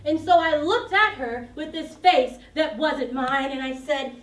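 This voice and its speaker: Speaking at a measured pace in a high voice, a woman portrays an awkward, lonely seventh grader making a confessional monologue to her camcorder. She rambles and giggles self-consciously, and the camcorder mic captures a roomy, distant sound.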